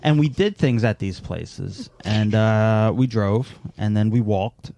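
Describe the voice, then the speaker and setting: A man co-hosting a podcast, rambling through absurd deadpan jokes in casual chat. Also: fairly low pitch, takes it slowly. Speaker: podcast co-host.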